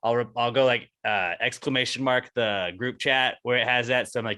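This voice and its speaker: Man, podcast co-host, bright voice, joking storyteller, casual chat. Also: fairly low pitch, a little fast, dry recording.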